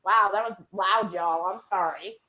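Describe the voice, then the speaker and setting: A woman's voice: medium pitch, a little slow, dull audio, a little hiss or hum. A woman co-hosting a casual livestream, chatting and reading viewer comments aloud. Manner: reads chat messages aloud, chatty and animated.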